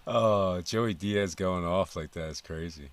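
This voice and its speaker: A man streaming a reaction video, making quiet, laid-back comments between clips. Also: low voice, a little slow.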